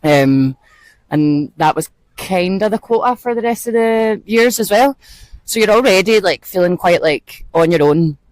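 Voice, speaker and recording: A Scottish actor, a woman, talking in an animated, expressive way as a guest in a casual interview. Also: medium pitch, measured pace, no room sound. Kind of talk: casual chat.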